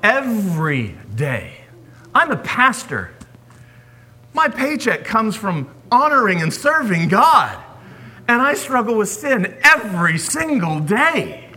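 A man preaching a sermon as a pastor, swinging from forceful emphasis down to hushed whispers. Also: high-pitched, very animated, takes it slowly, husky.

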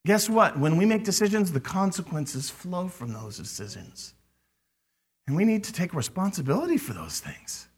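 A man's voice: high-pitched, big pitch swings, normal speed, slightly rough. A man preaching a sermon, speaking animatedly and acting out quoted lines with emphasis. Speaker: pastor.

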